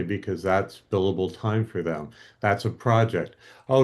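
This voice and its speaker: A man's voice: low voice, darkish tone. A man, a guest expert, explaining plainly and walking through examples in an interview. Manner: plain-spoken, explanatory, with acted-out quotes.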